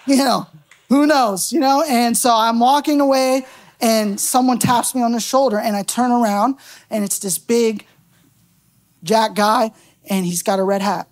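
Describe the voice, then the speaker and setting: Woman preacher, brisk storyteller, laughs easily, slightly high voice, church sermon. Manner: animated storytelling, laughing, conversational. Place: church sanctuary.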